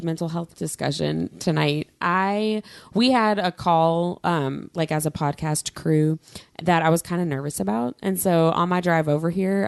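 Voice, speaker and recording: A woman's voice: on the low side, gravelly, a little mellow, no echo, studio quality. A woman co-hosting a podcast, chatting casually in a rambling, self-deprecating way and laughing often. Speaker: podcast co-host. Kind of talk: casual chat.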